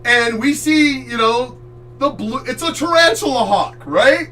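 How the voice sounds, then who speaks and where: A man from the Chesapeake Bay area telling a story in a casual, animated way, loud, swearing freely and acting out voices. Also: extremely high pitch, measured pace, distant mic, slight background noise. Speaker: streamer host.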